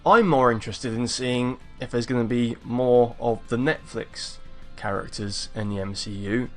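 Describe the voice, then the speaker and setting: A man's voice: mid-range voice, normal speed, a bit bright, soft background music. A man from England with an English accent, chatting casually as a video reaction host. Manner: laid-back, chatty, meandering.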